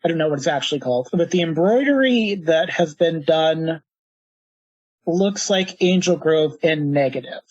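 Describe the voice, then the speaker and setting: A man's voice: a little high, lively intonation, moderate pace, a little mellow, no room sound. Gm guy rambling through scene descriptions, dry dull audio. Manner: rambling, loose with frequent fillers. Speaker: game master. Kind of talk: narrating a tabletop game.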